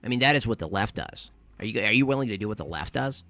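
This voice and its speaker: A man's voice: on the low side, animated, fast, a bit bright, no echo, faint music behind. A man putting on the voice of a pompous, preachy conservative pundit, fussing and lecturing in a comedic impression. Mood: indignant. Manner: pompous, scolding, fussy. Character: smug, preachy male conservative pundit, middle-aged.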